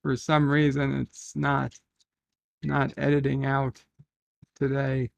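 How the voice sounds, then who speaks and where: A man hosting a casual livestream from his bedroom, reading viewer comments aloud and thinking out loud as he goes. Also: mid-range voice, completely flat delivery, takes it slowly, creaky, no echo. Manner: rambling, reads chat aloud, thinks out loud. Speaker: live stream host.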